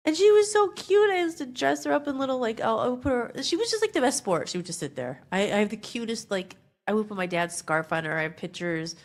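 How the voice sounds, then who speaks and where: Woman podcast host, gravelly voice, rambling and emotional storytelling. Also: on the high side. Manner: rambling, emotional, many fillers and restarts. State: tearful at times. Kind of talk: personal storytelling monologue.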